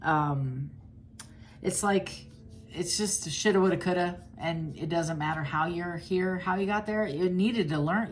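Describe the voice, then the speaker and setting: Low-voiced woman giving a chatty tarot reading. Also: measured pace, a little hiss or hum. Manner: chatty and blunt, with frequent restarts and sudden laughs. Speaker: tarot reader. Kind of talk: casual tarot reading addressed to viewers.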